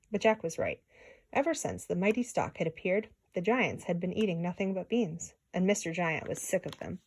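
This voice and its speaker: A woman's voice: fairly low pitch, moderate pace, husky. Woman reading a children's story. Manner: expressive, with small slips. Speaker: storybook reader. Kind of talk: children's story read-aloud.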